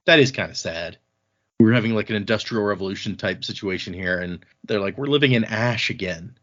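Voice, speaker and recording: A man's voice: lowish voice, a little fast, a bit bright. A man hosting a podcast, casually recapping book chapters, laughing often and slipping into voices for quotes. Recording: dull lo-fi sound.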